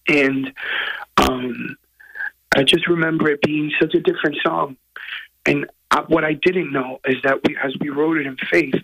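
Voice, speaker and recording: Guy musician on a radio interview, earnest and halting, bright tense voice. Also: on the high side, creaky, husky, low-quality recording. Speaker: guest musician. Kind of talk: heartfelt personal storytelling. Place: hotel room.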